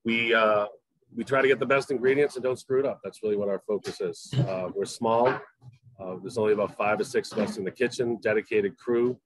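Man, middle-aged, faint southern accent, chef, rambling casual chat, lowish voice, dry close sound. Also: steady tone, a little fast, dry recording, poor audio. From Massachusetts. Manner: rambling, many fillers and restarts. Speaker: chef and restaurant owner.

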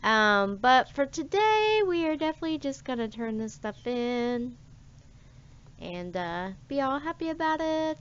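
A woman's voice: a little high, fairly bright tone, smooth, dull audio. A woman hosting a let's play, chatting casually and rambling with many fillers as she plays. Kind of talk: casual gameplay commentary.

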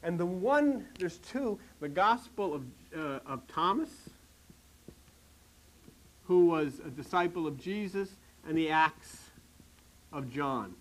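High-voiced preacher, animated sermon. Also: male voice, takes it slowly, long pauses. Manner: conversational, repetitive, rising to animated emphasis.

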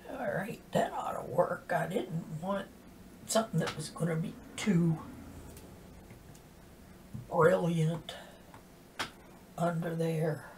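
A woman's voice: on the low side, takes it slowly, long pauses. A woman, chatting casually through a makeup tutorial and often dropping into half-whispers as she works. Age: 60s. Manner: soft-spoken, drifting into half-whispers while working. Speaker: makeup vlogger. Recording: distant mic with faint background hiss.

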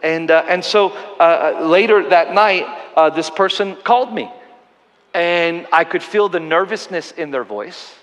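A man's voice: fairly high pitch, a little slow, a bit bright, long reverb tail. A man preaching a sermon as a pastor, earnestly telling stories with self-deprecating humor. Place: church auditorium.

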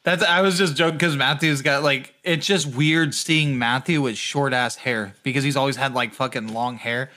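A man's voice: mid-range voice, fairly even intonation, normal speed, hardly any pauses, pushed and bright. A young man co-hosting a podcast, rambling in profane casual chat and laughing often. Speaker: podcast co-host.

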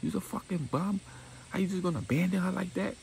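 A man's voice: high-pitched, fast, vocal fry, darkish tone, a little hiss or hum, voice pushed up. A man voicing an angry young woman who goes off at her friend's boyfriend, scolding and accusing. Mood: furious.

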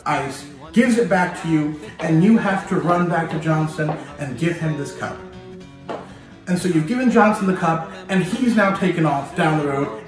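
Male history host, playful storyteller, slightly high voice, roomy distant sound, music under. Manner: lively, addresses listener directly, playful. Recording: very echoey room, distant mic, music behind.

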